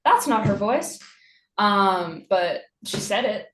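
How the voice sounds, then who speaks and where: A woman playing in a casual tabletop game, hesitant and filling pauses with "um". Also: medium pitch, animated, fairly bright tone. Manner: hesitant, with frequent "um"s. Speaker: player. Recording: roomy echo.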